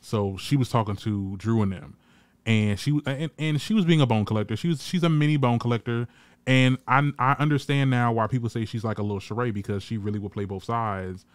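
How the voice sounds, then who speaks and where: Brisk and mid-range, this man's voice comes through with no echo as he reviews a reality TV episode. He keeps it casual, sassy and blunt, cursing freely and animatedly acting out quotes from the cast.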